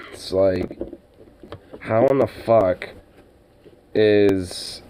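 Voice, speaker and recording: A man's voice: mid-range voice, lively intonation, slow, dark tone, a little hiss or hum, rough recording. A young man reacting to a news clip, rambling and incredulous, with lots of cursing and stammered restarts. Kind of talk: casual reaction commentary.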